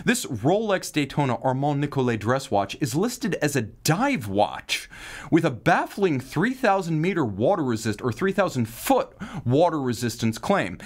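A man's voice: on the high side, big pitch swings, normal speed. A man hosting a live watch news stream, talking in a wry, theatrical way with mock outrage and puns.

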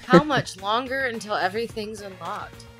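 A woman's voice: mid-range voice, moderate pace, a bit bright, faint music behind. A woman reading a visual novel aloud with friends, giggly and often breaking into laughter.

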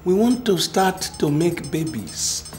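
Smug, dismissive groom. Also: male voice, fairly high pitch, very animated, slow pace, a little mellow, roomy sound, a little hiss or hum. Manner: emphatic, mocking. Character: smug, dismissive groom shooing away his ex. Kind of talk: TV sitcom acting.

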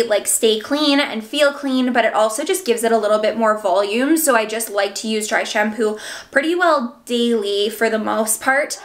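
A woman's voice: fairly high pitch, a bit bright. A young woman in a casual hair tutorial, chatting to the camera at home, a bit out of breath and full of "like" and "um". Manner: chatty, filler-heavy with frequent "like" and "um". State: out of breath, seven months pregnant. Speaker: beauty vlogger.

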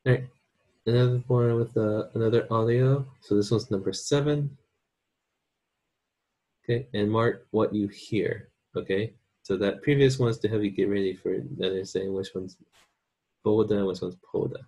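A man's voice: lowish voice, steady tone, moderate pace, dark tone. A man teaching an online language lesson in an informal way, checking in often with his students. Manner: informal, checks in with "okay?" and "right?".

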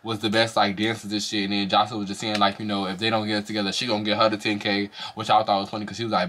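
A man reviews a reality show in rapid, casual commentary. His voice is bright and sharp, and he is gossipy and profane. His animated delivery keeps leaping up into shrieks. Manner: animated and sassy, with shrieking highs.

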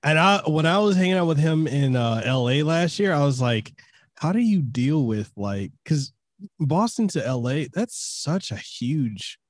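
A man's voice: on the high side, animated, unhurried, no room sound. Stammering man hosting a podcast. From Hawaii. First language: Samoan. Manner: stutters and stammers, laughs often. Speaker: podcast host. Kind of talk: casual podcast chat.

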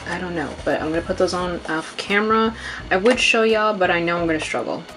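A woman's voice: fairly low pitch, brisk, background noise. A young woman chatting casually through a makeup tutorial at home, talking to her viewers as girl and y'all, and often apologizing. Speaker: beauty vlogger.

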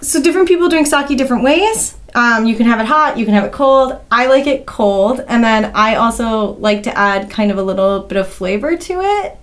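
Excitable high-voiced woman co-host. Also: moderate pace, hardly any pauses. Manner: excitable, giggly, enthusiastic. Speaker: podcast co-host. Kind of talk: casual podcast chat.

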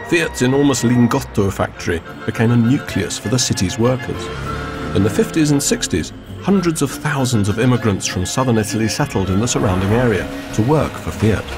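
A man delivering measured, scripted documentary narration. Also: mid-range voice. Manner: measured and informative.

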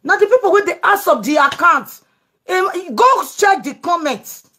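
A woman's voice: very high voice, animated, moderate pace, sharp tone. A Nigerian woman hosting a live show, taking calls and talking emphatically in pidgin. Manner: emphatic, pleading. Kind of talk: Pidgin live-stream chat with callers.

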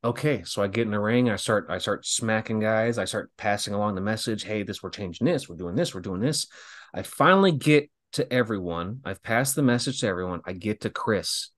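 Animated male wrestler telling stories. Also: lowish voice, fairly quick, few pauses. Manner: animated, laughing storyteller who acts out quotes. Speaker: guest wrestler. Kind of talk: casual storytelling.

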